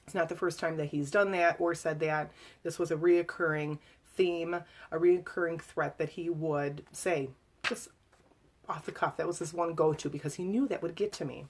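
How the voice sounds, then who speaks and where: Low-voiced woman reading her own memoir. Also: steady tone. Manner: emotional, halting, with fillers and restarts. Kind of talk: memoir reading to a live audience.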